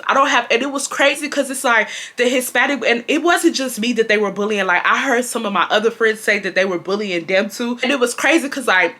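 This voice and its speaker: A young adult woman telling a personal storytime in a casual, slangy and animated way, talking straight to her viewers. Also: on the high side, brisk, few pauses. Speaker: storytime vlogger.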